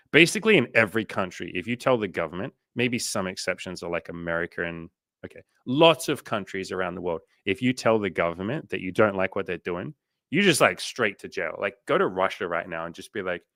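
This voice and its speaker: A man's voice: sits low, gravelly, fairly bright tone, no room sound. A man hosting a casual livestream coaching chat, swearing casually and animatedly retelling conversations.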